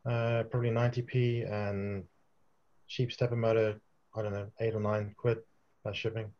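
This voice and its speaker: A man from the UK answering questions after his talk on a video call, chatty and relaxed with many restarts. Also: lowish voice, moderate pace, dull audio. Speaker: guest presenter.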